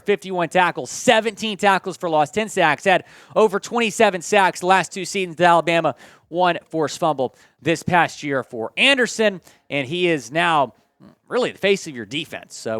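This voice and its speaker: A man from Houston hosting a sports news show, commenting in an excitable, gushing way. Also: sits high, no room sound. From Houston, Texas. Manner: excitable, gushing, swings between quick and drawn-out delivery.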